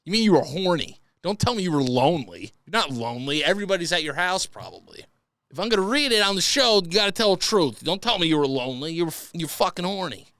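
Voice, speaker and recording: A man's voice: on the high side, big pitch swings, fast talker, fairly bright tone, dry recording, studio quality. A young man hosting a comedy podcast, reading listener stories and riffing crudely, often slipping into silly voices. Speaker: podcast host.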